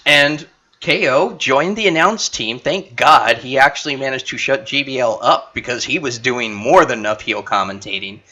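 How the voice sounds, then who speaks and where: A man co-hosting a casual podcast, talking excitedly in quick bursts. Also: mid-range voice. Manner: excitable, talks in bursts with restarts. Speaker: podcast co-host. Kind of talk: casual wrestling chat.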